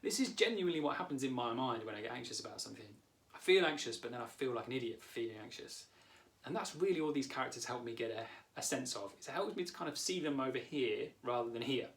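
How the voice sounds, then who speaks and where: Speaking straight to the viewer, a man in his thirties works as a therapist leading a coaching session. He keeps a calm, medium-pitched voice and explains things steadily, though at a quick pace.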